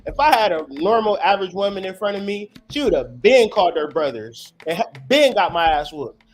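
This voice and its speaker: A man's voice: high-pitched, big pitch swings, a little fast, soft background music. A man hosting his channel, giving a profane, preachy monologue in an emphatic style. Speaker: host.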